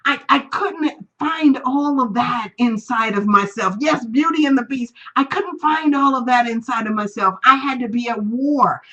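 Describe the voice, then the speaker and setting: A woman's voice: high-pitched, fairly bright tone, poor audio. A woman teaching a spiritual class, telling personal stories in a chatty way and acting out the people she quotes. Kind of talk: live-streamed class talk, personal stories.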